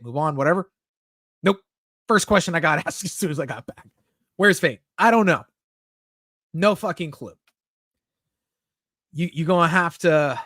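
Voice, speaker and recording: A man's voice: a little high, fairly bright tone, no echo. A young man chatting casually on a live stream, reading chat messages aloud and answering them candidly, swearing often.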